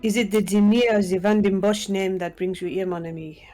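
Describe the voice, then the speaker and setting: A woman's voice: mid-range voice, steady tone, fairly quick, mellow, natural voice. Woman doing a formal male detective, French accent put on, music bed. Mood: polite. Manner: courteous, formal. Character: Hercule Poirot, dapper male detective. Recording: game music behind.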